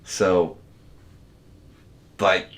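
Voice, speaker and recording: Very slowly and in a level tone, an American channel host who works as a video editor rambles through a laid-back livestream chat, calling his viewers dude and man. His voice is low yet fairly bright in tone.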